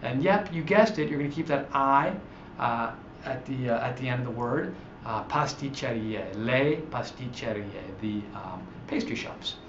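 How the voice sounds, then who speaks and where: A man teaching a recorded online language lesson, explaining slowly and repeating each example word with many fillers. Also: mid-range voice, fairly bright tone, slight background noise. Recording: echoey, dull lo-fi room.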